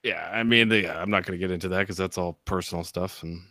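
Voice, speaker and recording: A man's voice: sits low, fast, pushed and bright, dry recording, studio quality. A man co-hosting a casual recap podcast, rambling through his points with lots of "like" and "you know". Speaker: podcast co-host. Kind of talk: casual reality-TV recap chat.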